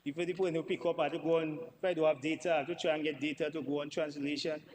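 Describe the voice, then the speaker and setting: A man's voice: a little high, flat delivery, racing, a little mellow, in a large hall, slight background noise, poor audio. A man giving a parliamentary debate speech, emphatic and repeating words for stress. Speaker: member of parliament. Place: parliament chamber.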